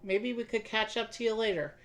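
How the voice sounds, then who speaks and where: A woman's voice: a little high, fairly quick. A woman playing along on a game stream, focused and practical. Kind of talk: casual game stream chat.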